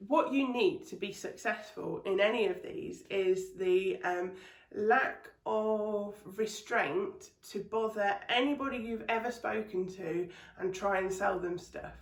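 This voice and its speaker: A woman's voice: medium pitch, a little slow, roomy sound, far from the mic. A woman doing stand-up comedy in a chatty, swearing, ranting manner, recording at home. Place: home room.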